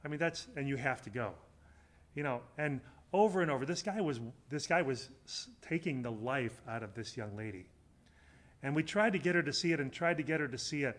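A man preaching a sermon in an earnest, conversational way, swinging between loud emphatic lines and quiet, low asides. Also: lively intonation, fairly quick. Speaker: pastor.

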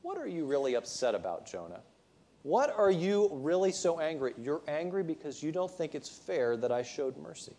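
A man's voice: on the high side, sing-song, normal speed, mellow. A male preacher giving a sermon, retelling the story conversationally with frequent restarts.

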